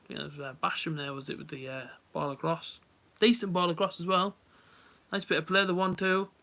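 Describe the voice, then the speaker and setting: A young male live streamer watches a match as it happens and chats about it straight to his viewers in a loose, rambling way. His voice is fairly high and bright, with vocal fry and a pushed quality, and his pace runs slightly fast.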